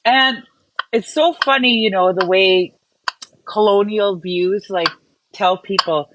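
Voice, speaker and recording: Woman from Canada hosting a cooking stream, mid-pitched, chatty, faint background noise. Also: lively intonation, slow pace. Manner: chatty, greets viewers by name while cooking. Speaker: cooking show host. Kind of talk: casual livestream cooking chat.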